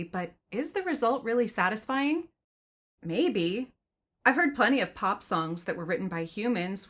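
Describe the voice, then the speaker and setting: Woman podcast host, expressive reader, conversational commentary, mid-range voice. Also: mid-range voice. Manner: thoughtful, conversational, with expressive reading. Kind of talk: reading a novel aloud with commentary.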